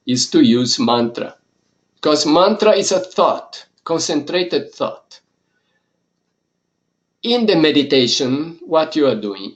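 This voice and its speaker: A man who is a monk teaching a yoga course lesson, explaining ideas calmly in short measured phrases. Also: medium pitch, lo-fi sound.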